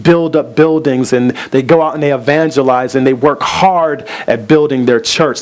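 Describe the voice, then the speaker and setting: A man's voice: on the high side, darkish tone, low-quality recording. Man preaching a story-led sermon. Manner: storytelling, repeats "and", slows for emphasis. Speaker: pastor.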